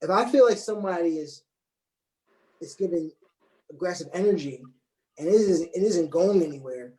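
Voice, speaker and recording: Man in casual talk, calm and deliberate, pitched a bit high; roomy echo. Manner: calm, deliberate, repeats words as he works out his point. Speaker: panel guest. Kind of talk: casual discussion. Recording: echoey room.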